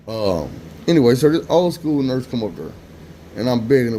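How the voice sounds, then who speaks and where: A man's voice: medium pitch, moderate pace. A man with a mid-range voice telling a personal story in a loose, slangy monologue. He repeats lines for emphasis and moves his delivery up and down as he tells it. Faint noise sits under the recording. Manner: animated, slangy and emphatic, with lots of repetition.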